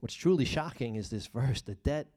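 A man preaching a sermon as pastor, reading scripture and explaining it, swinging between loud emphasis and hushed asides. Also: mid-range voice, expressive, moderate pace.

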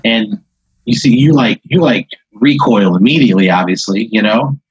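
A man's voice: fairly low pitch, normal speed, breathy edge, no room sound, muffled recording. A man hosting a casual chat, spinning an improvised story full of quoted voices and laughter. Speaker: host.

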